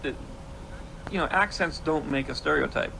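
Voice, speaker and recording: A man explaining his filmmaking choices in a measured interview, from noisy archival audio. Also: a little high, vocal fry. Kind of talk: reflective interview talk.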